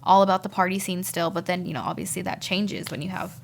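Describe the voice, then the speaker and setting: A woman guest sharing a personal testimony on a podcast, talking haltingly and repeating words as she recalls events. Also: lowish voice, steady tone, creaky, slight background noise.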